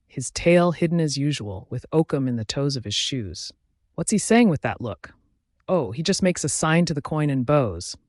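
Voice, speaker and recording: A man's voice: medium pitch, dry recording, clean studio sound, natural voice. A man voicing a wry, superstitious ship's mate in an audiobook, musing in chatty asides.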